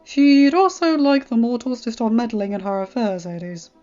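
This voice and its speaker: A pompous, grand male king of the gods, voiced by a woman reading fan fiction aloud. He sounds lofty and sure of himself. The voice sits fairly high, and the recording is dull and lo-fi with faint music behind. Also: moderate pace, darkish tone, close to an everyday voice.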